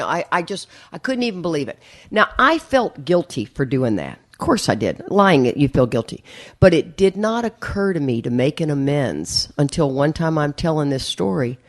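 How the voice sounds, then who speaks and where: A woman's voice: low voice, a little fast. A middle-aged woman speaking at a recovery meeting, telling a story with laughter and acted-out voices. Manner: lively, laughing, acts out voices in her story. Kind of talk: storytelling talk to an audience.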